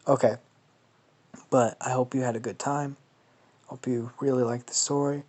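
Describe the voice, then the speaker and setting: A man's voice: mid-range voice, flat delivery, moderate pace. A man casually making up a story as he goes, rambling and swearing, with lots of restarts. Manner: rambling and profane, with many restarts and laughs. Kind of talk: casual improvised fan storytelling.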